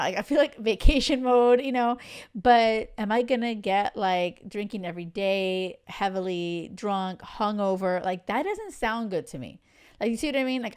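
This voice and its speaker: A woman's voice: medium pitch, smooth. A woman hosting her own podcast as a dating coach, talking casually and candidly to listeners, heartfelt and full of "like" and "you know" fillers. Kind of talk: casual solo podcast talk.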